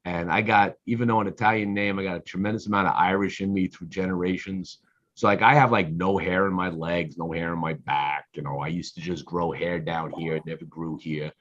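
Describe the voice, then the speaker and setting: Man, lower voice, chatty rambling anecdotes, muffled lo-fi sound. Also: steady tone, brisk, fairly bright tone. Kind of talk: casual group chat.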